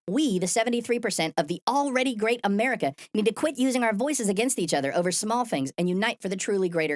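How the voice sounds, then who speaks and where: A woman hosting a satirical news show, delivering sardonic, profane, deadpan commentary. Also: mid-range voice, no echo. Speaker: host.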